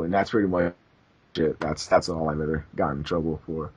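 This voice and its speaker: A young man hosting a casual podcast, telling crude stories with loud acted-out quotes. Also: sits low, expressive, fast, slightly rough. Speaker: podcast host. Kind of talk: casual gaming podcast chat. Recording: dull lo-fi voice chat audio.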